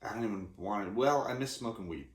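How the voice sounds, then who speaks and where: A man's voice: on the low side, expressive, quick pace. A man in his forties from California, talking casually in a rambling, self-interrupting way with lots of restarts. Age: 40s. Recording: roomy echoey room.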